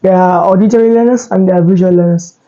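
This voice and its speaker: Man with a very dark, mellow voice. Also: high-pitched, quick pace, dull audio. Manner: loose, rambling delivery with many fillers and self-corrections. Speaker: Muslim self-improvement creator. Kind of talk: casual advice talk.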